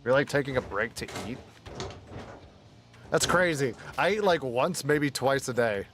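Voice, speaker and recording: A man's voice: medium pitch, lively intonation, a little slow, fairly bright tone, soft background music. Profane, jokey male game streamer. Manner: loose, profane, jokey, often laughing. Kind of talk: casual live-stream gaming chat.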